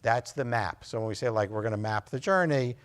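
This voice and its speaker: A man's voice: on the low side, a little fast. A physician giving a conversational lecture to nurse practitioners, loose and anecdotal, acting out his talks with patients. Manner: loose and anecdotal, full of fillers, acts out patient dialogue.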